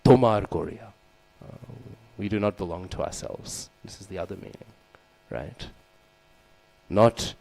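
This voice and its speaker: A man with a low, deep voice gives a sermon to a group of listeners. He tells the story lively, acting out the figures in it, and keeps checking in with "right?" and "hmm?" as he goes. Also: measured pace, gravelly, poor audio. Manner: storytelling, acts out the quoted figures; asks the audience questions, often adds "right?" and "hmm?". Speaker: speaker giving a scripture class.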